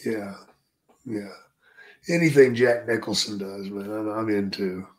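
A man's voice: fairly low pitch, a little slow, darkish tone. An older man, a retired wrestler, telling stories in a casual, profane, drawling way. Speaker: podcast guest, retired wrestler. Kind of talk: casual storytelling.

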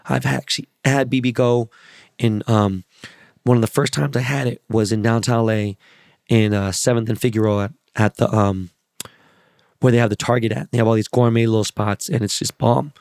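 A middle-aged man hosting a casual solo podcast, hoarse from losing his voice, talking in a loose, profane, hyped way with plugs and shout-outs. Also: medium pitch, steady tone, moderate pace, dry recording, clean studio sound. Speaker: podcast host.

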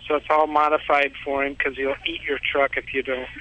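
A man's voice: mid-range voice, level tone, brisk, highs cut off, crowd noise. A man calling in, telling a long story in a rambling, repetitive way and laughing at himself. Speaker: caller. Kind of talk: casual phone-in storytelling.

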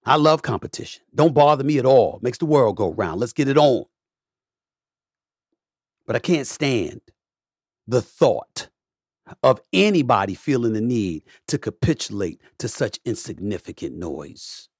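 A middle-aged man holds forth on his podcast with a slightly husky voice, hammering home points through repetition and pointed emphasis. His delivery swings from booming to hushed while staying preachy and forceful. The sound is dry and close, with no room around it. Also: lively intonation, unhurried, no room sound. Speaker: podcast host. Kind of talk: impassioned monologue.

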